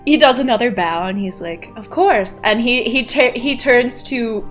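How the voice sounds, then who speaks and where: A woman's voice: on the high side, lively intonation, moderate pace, fairly bright tone, soft background music. A woman acting as game master, narrating a tabletop role-playing game in a playful tone.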